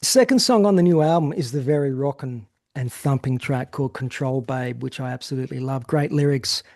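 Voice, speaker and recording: A man's voice: mid-range voice, fairly quick, darkish tone. A man interviewing a band, friendly and chatty, with stumbling starts to his questions. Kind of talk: podcast interview.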